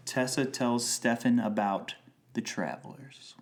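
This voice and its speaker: A man's voice: medium pitch, unhurried. Joking man recapping a TV episode. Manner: jokey, reads plot points off notes. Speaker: podcast co-host. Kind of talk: casual chat recapping a TV episode.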